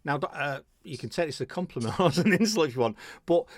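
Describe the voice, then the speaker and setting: A man's voice: fairly high pitch, animated, fast talker, dry recording, clean studio sound. A middle-aged man from Manchester with a Mancunian accent, hosting a casual interview in a chatty, rambling way with repeated words. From Manchester, England. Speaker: radio show host.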